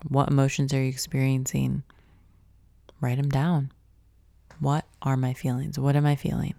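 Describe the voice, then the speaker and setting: Low, gravelly woman talking self-help. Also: little pitch movement, normal speed, dark tone, no room sound. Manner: conversational, asks many questions, drops to a whisper at times. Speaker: podcast host. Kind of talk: reflective self-help talk.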